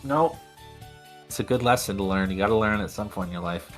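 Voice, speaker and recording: Low-voiced laughing male podcast host. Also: fairly quick, fairly bright tone, soft background music. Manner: laughing, swearing freely, rambling with fillers. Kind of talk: casual chat.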